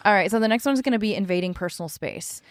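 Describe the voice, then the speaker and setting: A woman's voice: medium pitch, fast, dry recording, studio quality. A middle-aged woman co-hosting a podcast in casual chat with her husband. She talks frankly and directly. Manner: self-described loud, frank and direct. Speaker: podcast co-host. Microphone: close podcast mic.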